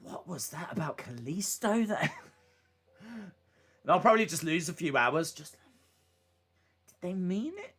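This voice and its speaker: Unhurried and pausing often, this live-stream host gives casual reactions in a voice with a breathy edge. Every so often he breaks into excited, high-pitched exclamations and rhetorical questions.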